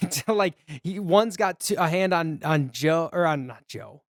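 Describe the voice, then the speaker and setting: A man with a somewhat high voice retells a movie in casual podcast chat. He rambles a little and acts out the characters' lines as he goes. The recording is dry, with no room sound. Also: animated, unhurried, fairly bright tone, dry recording. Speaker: podcast co-host.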